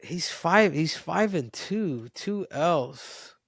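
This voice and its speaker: Male podcast co-host, loose casual talk, eager and stumbling over his words, slightly high voice. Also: very slow, vocal fry, dry recording, studio quality. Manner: excitable, restarts phrases and stammers often. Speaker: podcast co-host, fight analyst.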